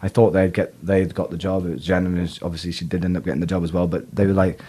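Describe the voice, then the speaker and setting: A man's voice: low voice, level tone, quick pace, mellow, husky. A man, an actor, telling stories in a casual interview, laughing often at himself. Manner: laughs often, self-deprecating. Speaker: actor guest.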